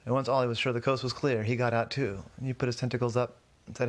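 A man telling a detective story in a relaxed, rambling way, sometimes correcting himself as he goes. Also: medium pitch, fast. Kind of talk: casual storytelling.

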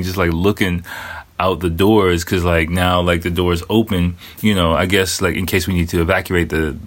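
A man telling a personal story in a loose, casual way, full of fillers and swearing. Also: deep voice. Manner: rambling, profane, many fillers.

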